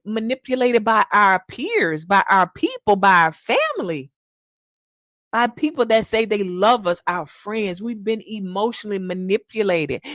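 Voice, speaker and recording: A woman's voice: medium pitch, no echo, clean studio sound. A woman hosting a podcast in an earnest, casual monologue, calling listeners "y'all" and acting out little quotes. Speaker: podcast host.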